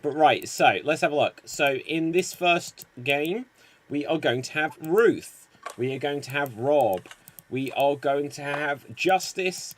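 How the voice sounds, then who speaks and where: A man hosting an online improv comedy show, explaining the games in a brisk, upbeat way. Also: on the high side.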